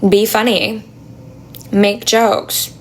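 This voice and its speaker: A young woman chatting on a phone livestream at home, talking quietly with a raspy, gravelly voice, blunt and chatty. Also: mid-range voice, level tone, extremely slow, a little hiss or hum, low-quality recording. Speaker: livestreamer answering chat. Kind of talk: casual live stream chat. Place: home apartment at night.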